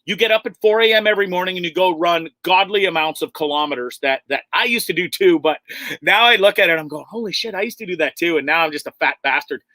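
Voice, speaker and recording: A man's voice: sits high, quick pace, pushed and bright, no room sound. A man hosting a casual livestream from inside a tour bus, rambling, swearing and laughing at himself. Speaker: livestream host.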